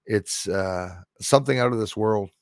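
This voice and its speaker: A man's voice: lowish voice, moderate pace, no room sound, studio quality. A man hosting a live stream, chatting casually in a rambling way and answering viewer comments. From Quebec.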